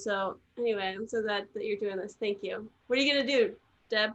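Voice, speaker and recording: A woman hosting a virtual variety show, gushing and excitable, chatting over a video call. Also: mid-range voice, a little fast, lo-fi sound. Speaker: host. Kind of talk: casual chat on a video call.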